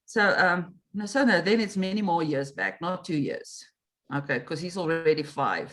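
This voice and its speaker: A woman's voice: fairly low pitch, moderate pace. Middle-aged lady telling a story in an interview, acts out what she said back then. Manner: animated, acts out her own past reactions and quotes. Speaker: meditation coach, interview guest.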